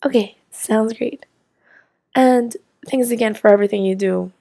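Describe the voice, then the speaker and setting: A woman voicing a cheerful, eager family dad in a toy-play story, sounding a little lower than her own voice. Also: moderate pace, warm tone. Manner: eager and upbeat.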